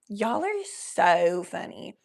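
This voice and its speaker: A woman's voice: mid-range voice, gravelly, a little hiss or hum. A woman from the US Midwest, chatting casually on a livestream in a loose, swearing, talkative way. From Cincinnati, US Midwest.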